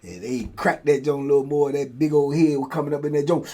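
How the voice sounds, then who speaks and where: A middle-aged man telling a prison story in casual talk. He acts out the guards and himself in loud high bursts and drops low and quiet for asides. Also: steady tone, quick pace, heavy background noise. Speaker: storyteller host.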